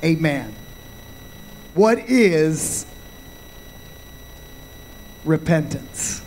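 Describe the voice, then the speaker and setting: A male pastor preaching a sermon, slow and deliberate, punctuating points with amens. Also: on the high side, expressive, a little mellow, a little hiss or hum, poor audio.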